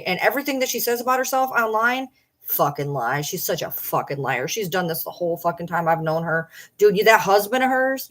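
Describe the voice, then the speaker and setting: A spiteful woman who claims to be an old schoolmate dishes dirt in a catty, conspiratorial tone, swearing constantly, as a woman puts her on. The voice rides a little higher than the speaker's usual talk and pushes harder. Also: natural voice. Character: spiteful gossiping woman, fake former classmate.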